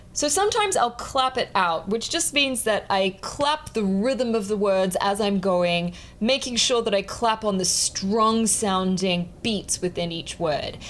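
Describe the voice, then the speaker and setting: A woman composer giving a clear, explanatory lesson, sometimes speaking words slowly to a beat. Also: medium pitch, a little hiss or hum. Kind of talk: instructional talk on music.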